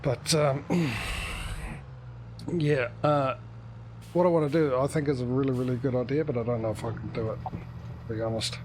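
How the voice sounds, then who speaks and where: A man's voice: mid-range voice, fairly even intonation, normal speed, pauses often, noisy background. A man hosting a casual gaming livestream, rambling chattily with sarcastic asides. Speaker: livestream gamer host.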